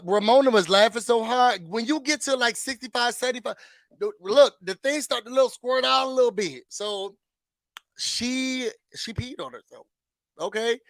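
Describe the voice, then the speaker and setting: A man hosting a casual reality-show recap, chatty and animated, laughing and throwing in dramatic asides. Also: very high-pitched, dry recording. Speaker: YouTube host.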